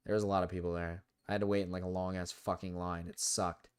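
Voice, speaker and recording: A man's voice: low-pitched, little pitch movement, quick pace, clear, resonant tone. A young man with a cold, swearing and complaining in frustration as he commentates a live gaming stream. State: sick with a cold.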